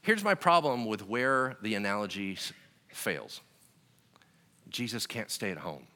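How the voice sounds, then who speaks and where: A man preaching a sermon as pastor, lively and conversational, acting out other people's voices and then dropping to a quieter, gentler delivery. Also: fairly low pitch, a little slow. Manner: animated, acts out voices of God and listeners; drops to a quieter, softer delivery when reassuring. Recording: long hall reverb.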